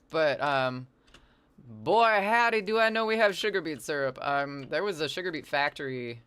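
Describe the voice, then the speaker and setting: A game streamer with a medium-pitched, slightly bright, smooth voice chats and rambles casually while playing live. He reads chat aloud and answers it, tossing in playful wordplay and silly asides. The recording is dry.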